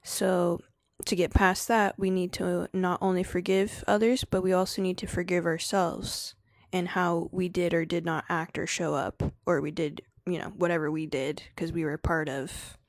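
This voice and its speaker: On her casual live stream, a woman answers chat in a slangy way, laughing a lot and wandering into spiritual preaching. Her voice is lowish and level, at a moderate pace with few pauses, and there's no room sound.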